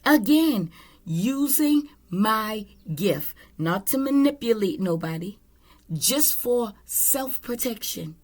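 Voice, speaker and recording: Woman, tarot reader, slow delivery, blunt, swears, casual spiritual monologue. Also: on the high side, animated.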